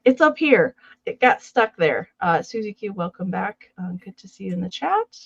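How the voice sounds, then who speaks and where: A woman's voice: medium pitch, animated, moderate pace, vocal fry, breathy edge. Chatty woman host on muffled stream audio. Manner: chatty, greets viewers by name; explains steps plainly with many fillers. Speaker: co-host of a live vintage sale. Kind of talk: casual live-stream chat.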